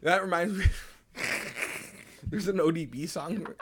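Young guy on a podcast, kinda high voice, keeps laughing and doing silly radio voices. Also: a little slow, noisy background. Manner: joking, laughs often, mimics radio voices. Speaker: podcast co-host. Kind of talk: casual chat.

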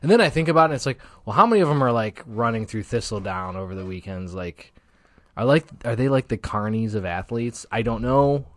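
A man's voice: mid-range voice, expressive, fairly quick, a bit bright, no echo. A man from Ohio co-hosting a casual chat, rambling with fillers and hedges. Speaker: podcast co-host. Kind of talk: casual chat over beers.

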